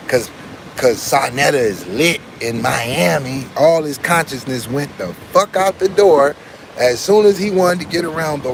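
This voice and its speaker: A man with a fairly high voice rants on a casual live stream, boastful and swaggering, swearing freely. He talks from inside a building with parked cars, with a faint hum of background noise. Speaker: channel host.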